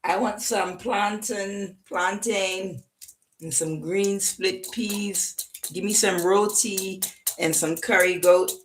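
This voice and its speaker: A woman's voice: medium pitch, steady tone, slow, a little hiss or hum, lightly acted. A woman voicing a tired, homesick Jamaican spell-caster in a put-on Jamaican accent, complaining in exaggerated bursts. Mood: weary complaining. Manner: complaining, exaggerated, loud outbursts.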